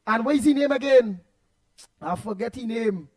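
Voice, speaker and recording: A man from Trinidad and Tobago hosts a call-in radio show, his voice extremely high-pitched at a normal speed. He speaks with a Trinidadian accent and tells stories in Creole, repeating words a lot.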